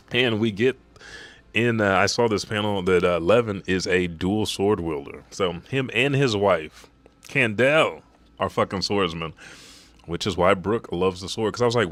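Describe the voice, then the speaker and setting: A man's voice: low voice, normal speed, a bit bright, no echo. A man casually recapping and reacting to a manga chapter, with profane, rambling asides. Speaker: manga summary youtuber. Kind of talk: casual live reaction summary.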